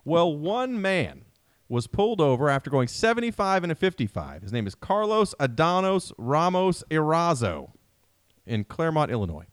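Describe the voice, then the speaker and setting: A man's voice: fairly high pitch, very animated, normal speed, no echo. A man co-hosting a casual comedy podcast, reading odd news stories with wry jokes and frequent laughter. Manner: joking, laughs often, wry storytelling.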